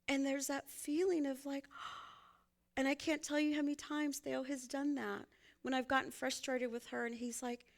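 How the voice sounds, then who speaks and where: A woman's voice: high-pitched, little pitch movement, moderate pace, creaky. A woman minister, giving a conversational, folksy sermon and laughing often as she speaks.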